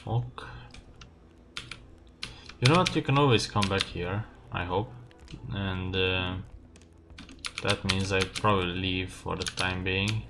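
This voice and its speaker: A young man streaming a game, casually muttering his thoughts aloud in a relaxed way. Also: low voice, slow, long pauses, noisy background. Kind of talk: casual gameplay commentary. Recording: loud keyboard typing and clicks.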